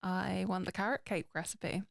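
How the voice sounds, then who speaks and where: A woman's voice: lowish voice, steady tone, normal speed, creaky, no room sound. A woman cohosting a podcast who laughs often and reads listener submissions aloud in casual chat. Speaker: podcast co-host.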